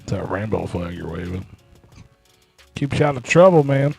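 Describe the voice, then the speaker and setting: Gravelly, teasing man on a talk show. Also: on the low side, very animated, moderate pace, darkish tone, faint music behind. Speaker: podcast co-host. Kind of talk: casual chat.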